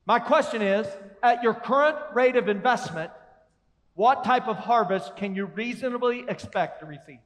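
High-voiced energetic preacher in a big hall. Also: male voice, moderate pace. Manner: energetic, calls congregation to respond. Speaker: pastor. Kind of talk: sermon. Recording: long reverb of a large hall.

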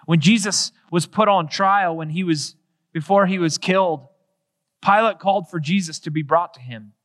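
Man preaching earnest sermon, high voice, long reverb, rhetorical questions. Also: moderate pace, a bit bright. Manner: earnest, rhetorical questions, acts out quoted dialogue.

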